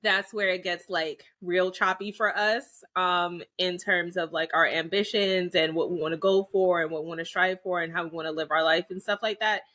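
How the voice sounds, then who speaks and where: A woman's voice: on the low side, steady tone, normal speed, few pauses, pushed and bright. A young adult woman co-hosting a podcast, talking in a thoughtful, hedging way in casual chat. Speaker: podcast co-host.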